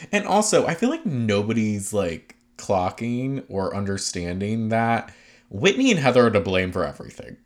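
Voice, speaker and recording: A man with a fairly low voice chats through a reality-show recap in a loose, gossipy way. He leans on fillers and drops dry, sarcastic asides. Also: big pitch swings, moderate pace.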